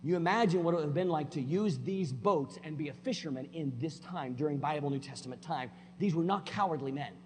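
A man preaching a sermon in a church, folksy and plainspoken, swinging between loud emphatic declarations and quiet conversational asides. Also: a little high, fairly quick, hardly any pauses. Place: church sanctuary. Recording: long hall reverb with faint hum.

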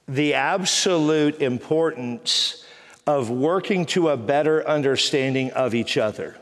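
A middle-aged man from Texas, preaching a humorous sermon and telling stories with teasing energy. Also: on the high side. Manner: animated, teasing storyteller acting out quoted voices. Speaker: pastor. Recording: reverberant hall.

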